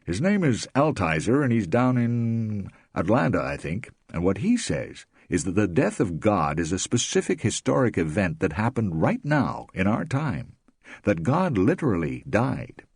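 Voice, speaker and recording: A man's voice: on the low side, sing-song, measured pace, darkish tone, husky, dry recording, studio quality, voice pushed up, exaggerated voice. A man voicing Scott, an earnest young man explaining an idea, in a slightly raised voice.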